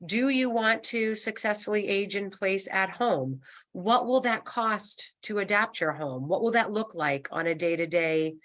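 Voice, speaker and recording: A woman's voice: mid-range voice, unhurried, a bit bright. A woman who works as a senior move manager, giving a webinar talk in an encouraging coaching manner. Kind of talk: webinar presentation.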